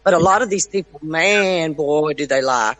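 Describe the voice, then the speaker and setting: A woman's voice: deep voice, moderate pace, a bit bright, low-quality recording. A woman with a Southern US accent in a casual voice chat, blunt and chatty, dropping "y'all". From Southern United States. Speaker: chat participant.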